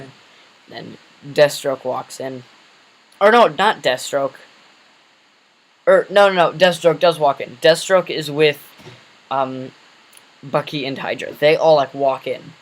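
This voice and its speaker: A man's voice: fairly high pitch, low-quality recording. A man casually retelling an invented superhero story, rambling with many fillers and self-corrections.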